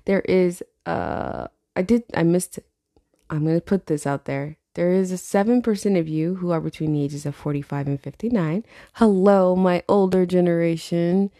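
Woman, late 20s, podcast host; low, gravelly, swears and laughs freely. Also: normal speed, dark tone, no room sound, studio quality. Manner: loose, profane, laughs often. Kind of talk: casual solo podcast chat.

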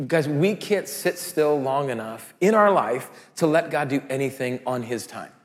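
A man in his thirties, a pastor giving a sermon, telling stories in an animated way with loud excited peaks. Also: medium pitch, moderate pace, big-room sound.

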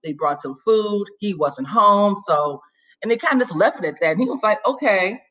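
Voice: medium pitch, normal speed. Sassy storyteller with lo-fi sound. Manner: animated storytelling, acts out quotes, sassy asides. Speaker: podcast host recapping a TV episode. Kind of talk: casual recap chat.

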